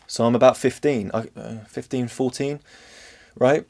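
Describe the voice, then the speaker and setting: A man's voice: mid-range voice, fairly even intonation, normal speed, dark tone. A young English man telling a personal story to camera in an earnest, open way, now and then tripping over his words. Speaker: vlogger.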